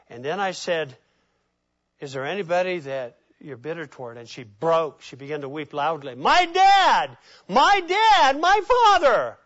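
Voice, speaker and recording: Casting: high-pitched male pastor, animated sermon delivery, muffled lo-fi recording. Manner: animated preaching, acts out quoted voices.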